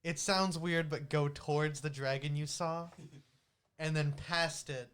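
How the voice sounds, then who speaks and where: Smooth-voiced man at the gaming table. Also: on the high side, steady tone, takes it slowly, fairly bright tone. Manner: casual, hesitant. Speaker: player. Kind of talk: playing a tabletop game.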